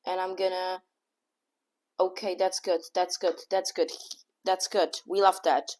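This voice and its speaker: A woman giving casual, excitable running commentary on her own chess game, thinking aloud move by move and often scolding herself. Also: lowish voice, measured pace. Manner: casual slang, says "bro" and "oh my god". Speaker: chess streamer.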